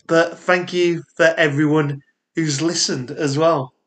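A man's voice: on the high side, steady tone, a little slow, a bit bright. A man with a Yorkshire accent co-hosting a podcast in casual chat. He laughs often and talks in rambling asides. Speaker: podcast co-host.

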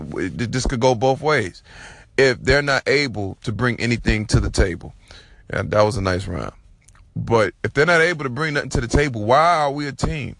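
A man's voice: medium pitch, a bit bright, dry recording. A man hosting a solo podcast, talking in a casual, slangy, profane and rambling way. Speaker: podcast host.

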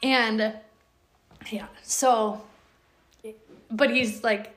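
A woman's voice: on the high side, steady tone, extremely slow, a bit bright. A woman hosting a podcast, telling dog stories in a blunt, casual way and swearing freely. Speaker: podcast host, dog owner.

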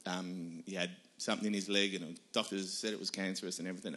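A man's voice: low-pitched, fairly even intonation, fast talker, pushed and bright. A middle-aged man, a pastor, answering on a church panel in an earnest, emphatic way, repeating his points.

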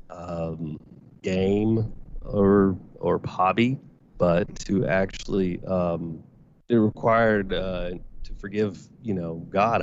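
A man talking as a podcast guest in casual chat, candid and rambling, with frequent swearing. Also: deep voice. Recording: slightly dull audio with faint noise.

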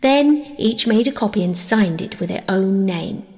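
A woman reading a bedtime story in a soft, calm storybook manner. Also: mid-range voice, a little slow. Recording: long reverb.

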